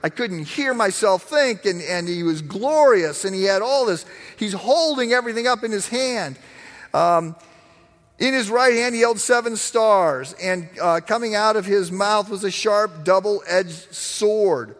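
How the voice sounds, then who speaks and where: A man preaching a sermon, teaching in an animated, emphatic way with frequent restarts. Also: high voice, a little slow. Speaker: pastor. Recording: long hall reverb.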